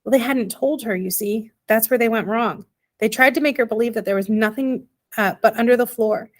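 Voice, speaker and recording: A woman reading the part of a small, homely father who explains things slowly in plain, ungrammatical speech. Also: on the high side, lightly acted. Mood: soothing. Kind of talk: audiobook character reading.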